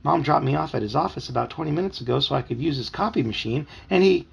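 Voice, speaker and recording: A man voicing an upset young boy who pleads in a high, loud, urgent voice. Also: animated, fast talker, gravelly, breathy edge, highs cut off, full character voice. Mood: tearful pleading.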